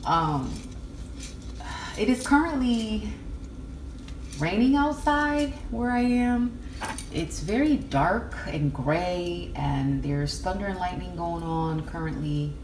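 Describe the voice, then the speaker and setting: Slow, low-voiced woman reading tarot. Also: expressive, noisy background. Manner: slow, musing, with soft mm-hmms. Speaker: tarot reader. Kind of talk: spoken tarot reading to camera. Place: indoors at home, windows closed.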